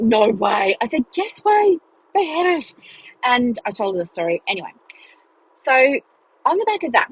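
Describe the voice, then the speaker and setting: A woman's voice: medium pitch, a bit bright, breathy edge, poor audio. A woman telling a personal story in a chatty podcast monologue, acting out the dialogue with big jumps in her voice. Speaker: business mentor and podcast host.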